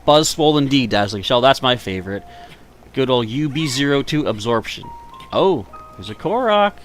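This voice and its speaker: A man's voice: medium pitch, animated, moderate pace, soft background music. A man giving casual, rambling commentary while live streaming a video game and chatting with viewers, sounding tired. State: tired, yawning.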